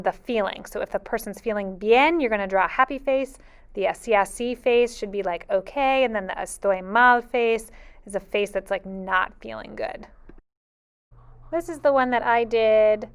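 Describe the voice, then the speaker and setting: A woman's slightly high, somewhat bright voice guides preschool children through a Spanish video lesson. With a sing-song, patient teacher tone, she draws her phrases out, keeping things slow and clear.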